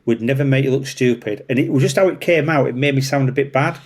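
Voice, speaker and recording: A man with a Yorkshire accent, a traffic police officer telling a story in casual chat, animated and swearing freely. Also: mid-range voice, quick pace. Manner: animated, swears freely, acts out voices in anecdotes.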